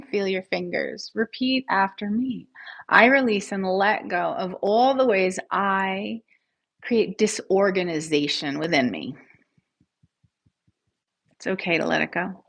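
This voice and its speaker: A woman's voice: medium pitch, vocal fry, a bit bright. A woman hosting a live guided tapping session, encouraging viewers and calling out their scores, and leading affirmations for listeners to repeat after her. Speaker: tapping coach, livestream host.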